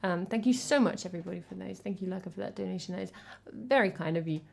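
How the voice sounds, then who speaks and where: A woman's voice: fairly low pitch, fast talker, gravelly, a little mellow. An English woman from England, a music streamer chatting casually between songs, reading chat and thanking viewers in a chatty, self-deprecating way.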